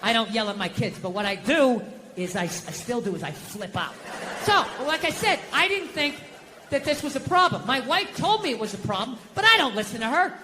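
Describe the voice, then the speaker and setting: A man's voice: very high-pitched, very animated, a little fast, slight background noise. A man from the United States doing stand-up comedy, ranting and profane in an exasperated way. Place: large theater with a laughing crowd. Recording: echoey live hall, loud crowd.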